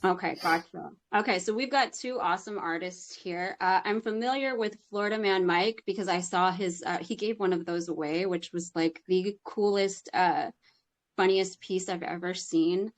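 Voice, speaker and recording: A woman's voice: on the low side, moderate pace. A woman interviewing artists on a casual livestream. She talks in a chatty, self-deprecating way.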